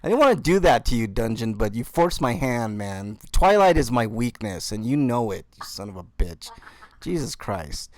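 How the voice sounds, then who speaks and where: A man hosting a podcast, telling a story with animated mock outrage. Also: fairly low pitch, moderate pace, dry recording. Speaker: podcast host. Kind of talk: casual chat.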